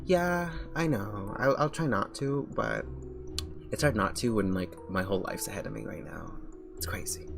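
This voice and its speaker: Gushing, rambling low-voiced man streamer. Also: normal speed, vocal fry. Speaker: VTuber streamer. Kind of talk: casual live-stream chat. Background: faint background music.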